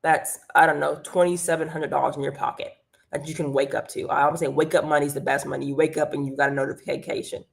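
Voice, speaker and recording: A woman's voice: low voice, fast talker, creaky. Upbeat woman hosting a motivational livestream. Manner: energetic, motivational, greets chat viewers by name. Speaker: livestream host and business coach. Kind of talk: live stream pep talk to viewers. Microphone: streaming mic.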